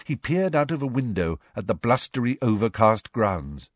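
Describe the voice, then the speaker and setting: Here a man reads scripted storybook narration with expressive flair, his voice sitting in the middle range at a moderate pace. It's a dry, studio-quality recording.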